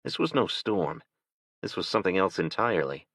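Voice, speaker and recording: A man narrating an audiobook in a steady, measured way. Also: low voice, dry recording. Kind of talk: scripted narration. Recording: dull, dry lo-fi recording.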